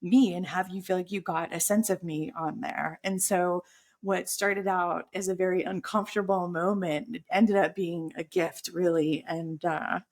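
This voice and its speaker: A woman's voice: lowish voice, moderate pace. A woman telling a personal story. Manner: animated anecdote with voiced quotes of her own thoughts. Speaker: podcast guest.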